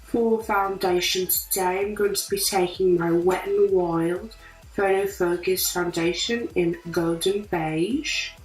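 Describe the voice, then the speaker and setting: A woman's voice: lowish voice, fairly even intonation, slow. Woman, put-on British accent, makeup tutorial, chatty step-by-step, roomy sound from a distant mic, faint music behind. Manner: chatty, walks through each step. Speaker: beauty vlogger.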